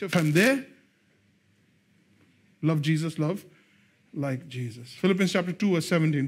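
A male pastor preaching a sermon, swinging between hushed, slow lines and loud, excited bursts. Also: high voice.

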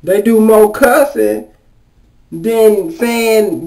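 A man's voice: high voice, lively intonation, slow pace. A man doing a comedic rant as a vlogger, exasperated and full of profanity.

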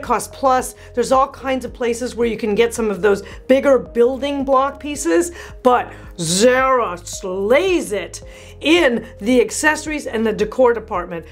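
Woman, high voice, interior designer, gushing, excited exclamations, faint background music. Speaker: interior designer and channel host. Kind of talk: enthusiastic product review vlog.

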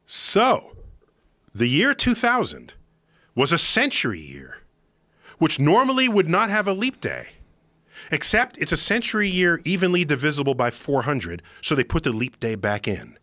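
A man explaining something to a podcast host in an emphatic, excitable lecturing manner. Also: on the high side, moderate pace, dry recording. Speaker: podcast guest. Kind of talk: animated explanation in conversation. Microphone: studio podcast microphone.

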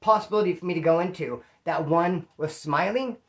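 A man from California telling his own prison stories in a casual, profane, animated way and acting out what people said. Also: on the high side, brisk. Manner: profane, animated, acts out quoted dialogue. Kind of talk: casual storytelling.

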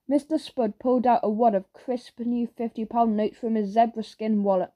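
Mellow woman reading a children's story. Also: a little high, normal speed, few pauses. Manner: lively storytelling with character voices. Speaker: audiobook narrator. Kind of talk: children's audiobook narration.

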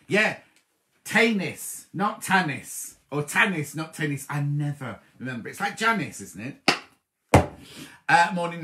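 A man hosting a casual live stream from home, chatting warmly and reading out viewers' comments, with a slight cough. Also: fairly high pitch. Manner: chatty, affectionate, reads viewers' comments aloud. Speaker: livestream host.

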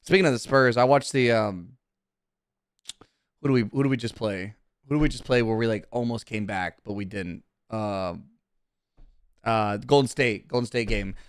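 A man's voice: lowish voice, moderate pace, long pauses, clear, resonant tone, no echo, studio quality. A male streamer in a casual live-stream rant, talking in a heated, profane, repetitive way.

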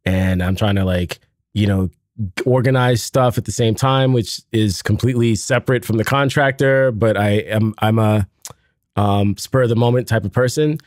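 A man's voice: fairly low pitch, normal speed, darkish tone, no room sound, clean studio sound. A man co-hosting a casual podcast, telling stories animatedly and laughing at his own puns. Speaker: podcast co-host. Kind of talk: casual conversational podcast chat.

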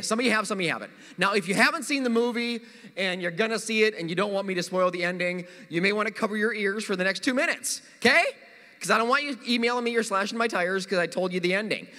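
A middle-aged man, a pastor, preaching a sermon with animated, funny storytelling in a church. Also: sits high, big-room sound. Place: church sanctuary.

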